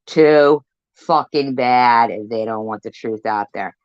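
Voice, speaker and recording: A woman's voice: extremely low pitch, slow, a little mellow, no room sound, muffled recording. A woman hosting an angry commentary over clips, swearing and repeating herself defiantly. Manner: profane, defiant and repetitive. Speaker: commentary channel host.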